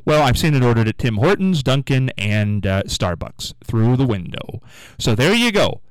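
A chatty male radio host whose voice rises and falls in lively swings as he banters with callers. He sounds close and dry, with no room around him. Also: medium pitch, smooth, no echo, low-quality recording. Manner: chatty, upbeat, quick with banter. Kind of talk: call-in radio show.

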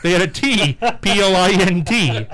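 A man's voice: high voice, a little slow. A man hosting a casual radio chat, playful and teasing as he tells stories and quizzes his co-hosts. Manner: playful, teasing, lively storyteller. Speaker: radio host.

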